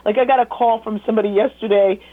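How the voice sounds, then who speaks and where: A woman tells lively stories as an interview guest and breaks into laughter between them. Her voice sits a little high and comes through a thin, phone-like line. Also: fast talker. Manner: animated, laughing storyteller who mimics voices. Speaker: guest, teacher. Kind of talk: casual storytelling interview.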